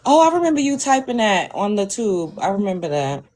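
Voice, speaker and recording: A woman's voice: medium pitch, sing-song, brisk, darkish tone. A woman co-hosting a casual chat, playful and teasing, laughing easily.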